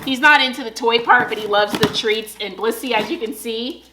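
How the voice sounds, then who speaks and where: A woman's voice: on the high side, fairly quick, noisy background. A young woman vlogging at home, chatting casually in an upbeat way as she narrates her pantry clean-out and opens a box of dog toys. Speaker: lifestyle vlogger.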